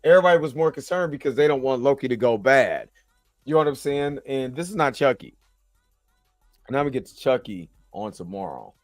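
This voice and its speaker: A worn-out man talks through a TV episode in a loose, slangy ramble, checking in with his viewers again and again. His voice sits at an ordinary middle pitch and sounds close and dry, with faint music underneath. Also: lively intonation, brisk, no echo. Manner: rambling, slangy, chatty, keeps asking "you know what I'm saying". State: tired, yawning after a long work shift. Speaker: show host reviewing a TV episode. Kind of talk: casual video review.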